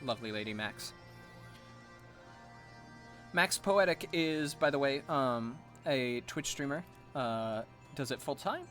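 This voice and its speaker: A man chatting casually while streaming a game, chatty and excitable. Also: medium pitch, slow, long pauses, faint music behind.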